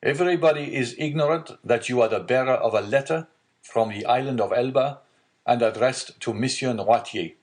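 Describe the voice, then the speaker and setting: A man's voice: medium pitch, moderate pace, voice pushed up, natural voice. A man voicing a stern male magistrate who hides his panic in a read-aloud storybook, with a curt, commanding delivery.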